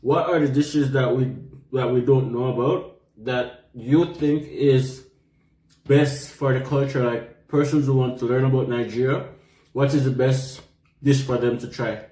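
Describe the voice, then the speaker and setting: A man's voice: mid-range voice, fairly even intonation, a little slow, dark tone, echoey room. A young man with a Jamaican accent, chatting casually and laughing while he tastes food on camera. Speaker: vlogger. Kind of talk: casual food-tasting chat.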